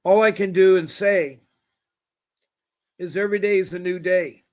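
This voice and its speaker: High-voiced man hosting a call-in show. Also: steady tone, normal speed, a little mellow. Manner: rambling, folksy, repeats himself. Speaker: show host. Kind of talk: casual call-in show talk.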